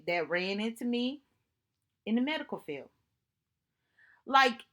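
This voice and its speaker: A woman with a somewhat high voice talks slowly and deliberately to her camera. She reflects earnestly on personal experiences, lingering on phrases and circling back to repeat a point. Her tone stays thoughtful and sincere throughout. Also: a bit bright. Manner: earnest, thoughtful, unhurried storytelling with repetitions. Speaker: vlogger.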